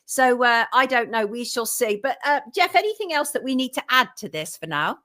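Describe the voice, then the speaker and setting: A woman's voice: a little high, lively intonation, normal speed, bright, forceful tone. A woman hosting a political discussion, speaking in an indignant, emphatic way. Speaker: host.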